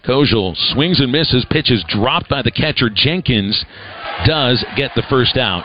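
A man calls a baseball game play-by-play at a brisk, conversational clip, with a dry sense of humor between pitches. His voice sits at an ordinary middle pitch. The broadcast audio sounds slightly dull. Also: lively intonation, faint music behind, a faint crowd. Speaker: play-by-play announcer. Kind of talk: live baseball play-by-play commentary.

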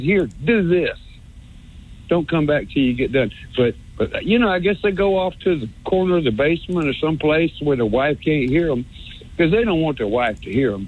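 Stammering sarcastic caller on a phone line. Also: male voice, a little high, husky. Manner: sarcastic, stammering, repeats words. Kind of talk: rambling call-in rant.

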